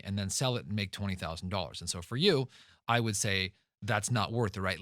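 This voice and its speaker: A man's voice: fairly low pitch, fairly bright tone, no echo, clean studio sound. Emphatic man hosting a podcast. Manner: emphatic, storytelling, repeats words for stress. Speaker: podcast host and real estate investor. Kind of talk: podcast monologue.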